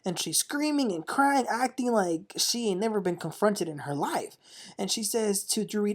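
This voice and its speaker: A woman's voice: medium pitch, expressive, normal speed. A woman hosting a casual reality-TV recap, chatty and opinionated, often laughing as she talks. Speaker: TV recap host.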